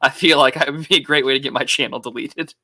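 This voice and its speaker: A man's voice: mid-range voice, steady tone, fast talker, bright, forceful tone, no room sound. A man co-hosting a podcast in a wry, joking casual chat. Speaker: podcast co-host.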